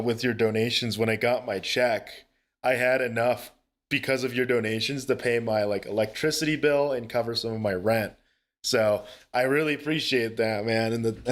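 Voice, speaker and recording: A young man talking casually to viewers during a live stream, earnest and chatty, swearing freely and laughing often. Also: mid-range voice. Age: young adult.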